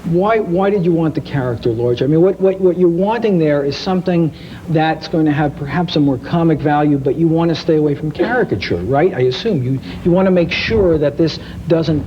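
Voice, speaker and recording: A male TV interview host with a somewhat high voice. He probes with long, rephrased questions and gently teases his guests. The tape sound is dull and slightly hissy. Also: fairly quick. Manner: probing, teasing, rephrasing questions.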